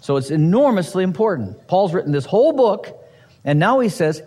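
Speaking at a moderate pace, the man preaches in a high, warm, sing-song voice. As pastor, he teaches a passage one verse at a time, with forceful asides and a little humor, his husky tone ringing through a hall with long reverb.

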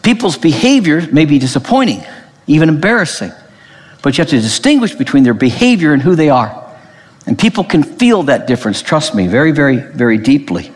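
A man preaching a sermon in an emphatic, animated way, often restarting his phrases. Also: on the high side, brisk, long reverb tail. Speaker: pastor.

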